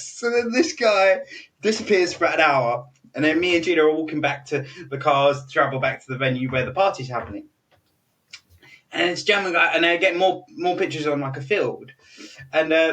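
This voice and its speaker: Man, British, young adult, high-pitched, animated storyteller, casual podcast chat. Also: normal speed, distant mic. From Britain. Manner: animated, laughing, many restarts. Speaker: podcast host.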